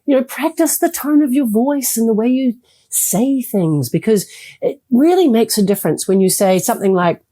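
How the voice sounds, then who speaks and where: Middle-aged woman, warm mellow tone, expressive coach-type guest who acts out little quotes. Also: on the high side, moderate pace. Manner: animated, acts out quoted thoughts in a bright voice. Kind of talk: interview conversation.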